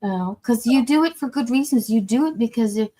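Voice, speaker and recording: A woman's voice: on the high side, lively intonation, a little fast, dark tone. A woman from Quebec hosting a casual chat, chatty and joking, laughing often. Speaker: host.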